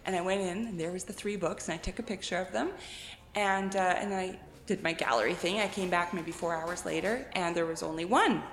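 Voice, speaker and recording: A woman author telling animated anecdotes in a casual interview, acting out quotes and laughing often. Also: fairly low pitch, fairly quick, a little hiss or hum. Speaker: guest author and blogger. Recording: echoey room with long reverb.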